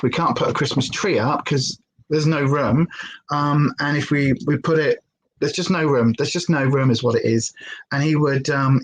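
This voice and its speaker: A woman's voice: fairly low pitch, poor audio. A woman chatting casually on a livestream, rambling and stopping to talk to her dog. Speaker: livestream host.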